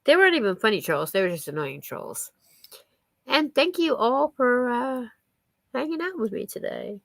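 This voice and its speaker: A woman's voice: on the high side, big pitch swings, normal speed, vocal fry, dry recording. A chatty woman on a live stream talks casually with her viewers. She giggles often and thanks people by name. Her voice sounds dry and close, with little room around it.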